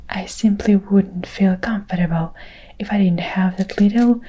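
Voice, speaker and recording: A woman's voice: mid-range voice, mellow, a little hiss or hum, natural voice, poor audio. A woman whispering the lines of a boastful, gum-chewing young girl in whispered role-play. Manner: bragging, chatty.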